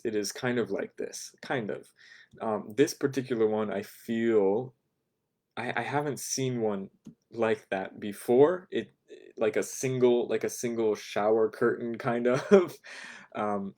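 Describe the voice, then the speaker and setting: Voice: mid-range voice, a little mellow. A language teacher explaining a lesson in a chatty way, with ums and laughing asides.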